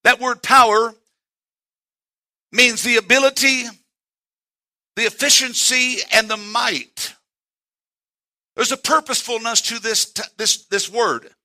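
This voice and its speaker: A male pastor, preaching a sermon in church and quoting scripture with slow, emphatic stresses. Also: very high voice, steady tone, pushed and bright.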